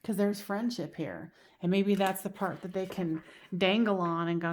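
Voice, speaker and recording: A woman gives a casual tarot reading to camera in a medium-pitched, slightly mellow voice at normal speed, with slight background noise. She's chatty and reassuring, often saying "you know" and "like."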